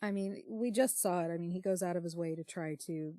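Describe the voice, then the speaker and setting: A woman's voice: lowish voice, a little fast, mellow, no echo. Wry woman summing up a book. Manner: wry, summarizes plot with dry asides. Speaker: book club podcast co-host. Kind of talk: casual book discussion.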